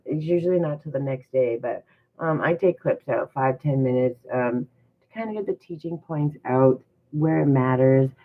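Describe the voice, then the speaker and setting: Livestream host, motivational, encouraging and repetitive, thin phone-quality audio. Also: medium pitch. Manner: encouraging, repetitive, full of rhetorical questions.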